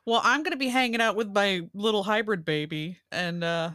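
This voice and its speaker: A woman's voice: medium pitch, a little fast, bright, forceful tone, no room sound, studio quality. A woman co-hosting a casual podcast chat, joking and laughing often. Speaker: podcast co-host.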